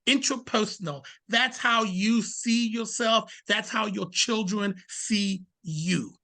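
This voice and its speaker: A man presents to fathers with a bright, forceful voice. He stresses key points, repeats them for effect, and drifts into personal stories, now and then restarting a word. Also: sits high. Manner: emphatic, uses rhetorical questions and repeats key points; shifts into anecdotes, sometimes restarts words.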